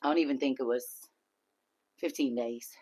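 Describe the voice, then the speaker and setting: A woman hosting a livestream, telling a personal story in a casual, animated way and talking straight to her viewers. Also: a bass voice, normal speed, slightly rough. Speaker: livestream host.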